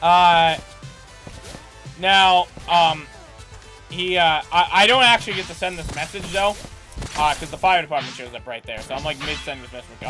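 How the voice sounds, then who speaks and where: A man co-hosting a podcast, telling a long anecdote in a rambling, animated way with many restarts. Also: a little high, normal speed, soft background music. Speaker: podcast co-host. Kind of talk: casual storytelling chat.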